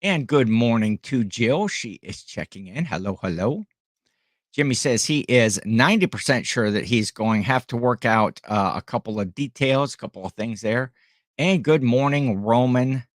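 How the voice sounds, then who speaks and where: A man's voice: medium pitch, lively intonation, moderate pace, no echo, clean studio sound. A middle-aged man from Ohio hosting a casual live stream at home, rambling and greeting viewers by name.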